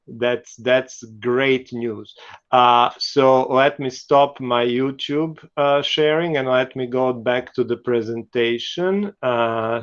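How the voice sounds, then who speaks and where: A man with a Serbian accent giving an online university lecture, halting and full of "uh" fillers. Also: medium pitch, gravelly, muffled recording.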